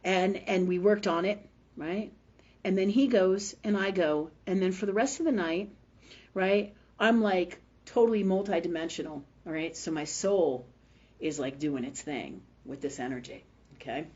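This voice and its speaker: A woman's voice: fairly low pitch, fairly even intonation, moderate pace, darkish tone, breathy edge. A woman in her fifties, feeling unwell, hosting a spiritual livestream in a blunt, profane, emphatic way, often asking "right?". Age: 50s. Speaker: spiritual talk host. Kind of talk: casual livestream talk. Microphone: webcam or phone mic. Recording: dull, slightly lo-fi livestream audio.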